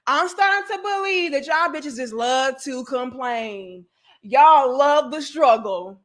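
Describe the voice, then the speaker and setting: A woman's voice: high-pitched, animated, slow pace. A woman hosting a livestream, ranting in a profane, emphatic and exasperated way while reading chat comments. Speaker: host.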